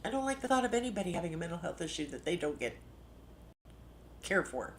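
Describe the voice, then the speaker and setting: Woman host, middle-aged, slightly low voice, livestream commentary, indignant and impassioned, punchy stressed words. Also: big pitch swings, fast, a little hiss or hum. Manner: impassioned, indignant, with sudden pitch jumps and pointed emphasis. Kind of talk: emotional live-stream commentary.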